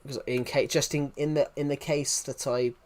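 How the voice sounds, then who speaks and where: Flat in delivery, with a darkish tone at medium pitch and normal speed, this man from England speaks in a Southwest English accent. He chats casually on a live stream, rambling, restarting often, and replying to viewers.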